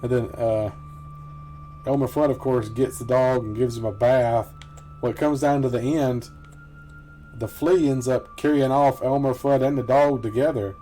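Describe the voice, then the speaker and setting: A man's voice: medium pitch, fairly even intonation, normal speed, warm tone, faint music behind. A middle-aged man chatting casually and ramblingly over gameplay, often chuckling to himself. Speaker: gameplay commentator. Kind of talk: casual let's-play commentary.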